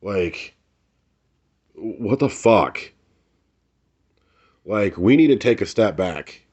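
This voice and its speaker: A man vlogs an angry, blunt rant to camera, swearing and repeating phrases for emphasis. His voice is on the low side, expressive and darkish with a slight roughness, and he speaks very slowly. The audio sounds dull.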